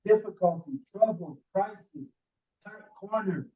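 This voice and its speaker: A man reading scripture aloud slowly and deliberately, then adding brief remarks. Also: sits high. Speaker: scripture reader. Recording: echoey, distant, dull sound.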